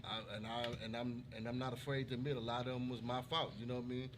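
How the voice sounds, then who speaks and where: A man's voice: mid-range voice, flat delivery, quick pace, a little hiss or hum. A man from Houston, a guest in a casual talk show chat, earnest and emphatic. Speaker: guest, clothing brand owner.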